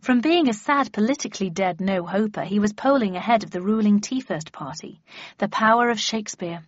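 A woman reading a novel aloud in first person, with a husky voice and steady storytelling delivery. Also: medium pitch, fairly quick, no room sound, dull audio. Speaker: audiobook narrator.

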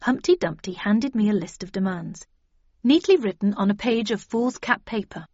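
A woman narrating a story in an even, wry first-person reading. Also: mid-range voice, moderate pace, husky, no room sound. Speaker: audiobook narrator. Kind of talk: scripted narration. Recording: dull dry lo-fi audio.

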